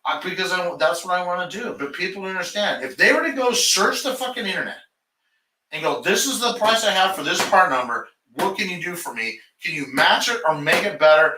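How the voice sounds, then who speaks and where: A man's voice: high voice, animated, brisk, recorded from a distance, noisy background. A shop owner talking in a casual podcast chat, heated and profane, ranting about his business. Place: garage. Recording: roomy garage, off-mic.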